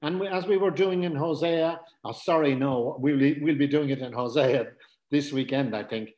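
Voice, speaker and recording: A man's voice: a little high, moderate pace, a little mellow. Man teaching the Bible in an echoey room. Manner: conversational, with fillers and self-corrections. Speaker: preacher.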